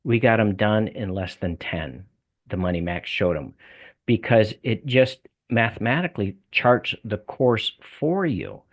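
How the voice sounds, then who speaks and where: A man's voice: fairly low pitch, expressive, unhurried. An older man with a Southern US accent, a guest in a conversational interview, talking in a folksy way with repeated words and restarts. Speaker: guest, debt coaching salesman.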